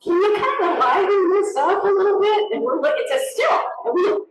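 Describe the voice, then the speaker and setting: A woman's voice: very high-pitched, moderate pace, background noise. A woman telling anecdotes at a memorial tribute in an event room, acting out the voices of the people she quotes. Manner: animated, acts out quoted voices. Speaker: tribute speaker. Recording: roomy echo from a distance.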